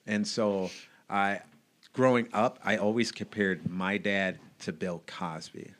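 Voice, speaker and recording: Bright-voiced man in his late 30s, open and reflective. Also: on the low side, fairly even intonation, slow pace. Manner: open and reflective, laughs often. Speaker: podcast guest, evangelist and motivational speaker. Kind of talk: casual chat.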